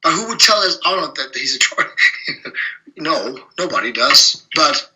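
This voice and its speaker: Blunt, forceful man. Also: on the high side, a little slow, rough recording. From Germany. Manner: blunt, profane, animated anecdotes with frequent laughs. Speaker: interview guest, bodybuilder. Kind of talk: casual interview storytelling.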